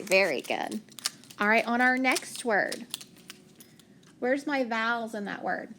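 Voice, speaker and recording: A woman's voice: on the high side, measured pace, pauses often, bright, forceful tone, a little hiss or hum. A woman teacher leading a phonics lesson for young children, patiently sounding out words and praising answers.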